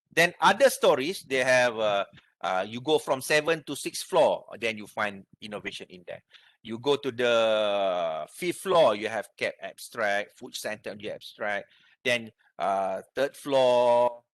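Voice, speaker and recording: A man's voice: on the high side, fairly bright tone, no room sound. A man with a Malaysian English accent, lecturing university students on research methods and explaining things step by step. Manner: explains step by step, asks the class if they have questions.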